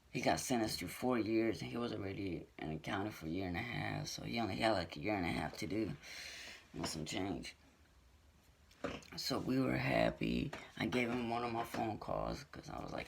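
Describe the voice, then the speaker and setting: A young man in his twenties tells his story to the camera in a loose, rambling way, leaning on fillers as he goes. His low voice is gravelly with heavy fry and a husky edge, and his pitch swings a lot. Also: slight background noise. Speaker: vlogger telling his story.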